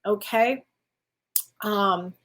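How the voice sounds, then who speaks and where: A woman's voice: medium pitch, extremely slow, a bit bright. A woman working as a spiritual medium, giving card readings in casual, affectionate chat and calling listeners honey.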